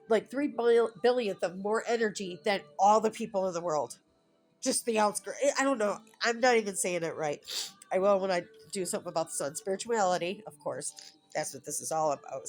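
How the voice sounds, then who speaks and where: A woman vlogging a frank, confessional monologue, rambling and restarting her sentences, with soft laughs breaking in now and then. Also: mid-range voice. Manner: rambling, heartfelt, self-interrupting with soft laughs; frank and confessional, occasionally swearing. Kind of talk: candid personal vlog monologue.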